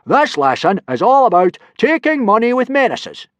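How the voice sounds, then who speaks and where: A man's voice: sits high, big pitch swings, moderate pace, fairly bright tone, no room sound, pitched above the performer's own voice, exaggerated voice. A man voicing a huge male Viking teacher who bellows and roars at his class, in a storybook reading. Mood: yelling. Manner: bellowing, roaring.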